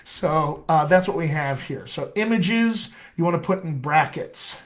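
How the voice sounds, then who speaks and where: A man's voice: on the high side, expressive, unhurried. A man with a General American accent, a dialect coach explaining text analysis in an extemporaneous live lesson, checking in often with "all right?". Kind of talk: live-streamed teaching session.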